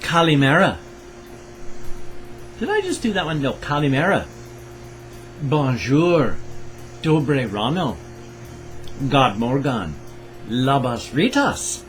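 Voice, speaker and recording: A man's voice: medium pitch, low-quality recording. An older man from the Pacific Northwest with its accent, chatting in a rambling, self-correcting way in a casual solo vlog. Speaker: vlogger.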